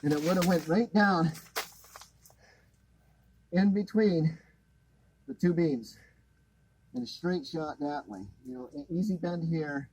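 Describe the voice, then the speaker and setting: A man's voice: a little high, slow, long pauses, darkish tone, breathy edge, poor audio. A man ranting with sarcasm and anger while crawling under a home to point out a botched installation. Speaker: homeowner inspecting a botched install. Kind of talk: annoyed walkthrough vlog.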